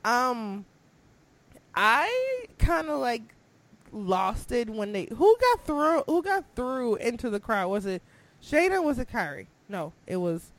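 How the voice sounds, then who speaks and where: A woman talks wrestling in an easy, chatty way, her pitch leaping up and down as she acts out her reactions. Her voice sits a little high and she exclaims often. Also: sing-song, slow. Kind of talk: casual wrestling chat.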